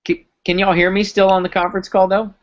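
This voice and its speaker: A man giving a live sales pitch on a conference call, telling stories and acting out the dialogue. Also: flat delivery, quick pace. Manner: storytelling, acts out dialogue. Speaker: company founder pitching product. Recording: muffled lo-fi recording.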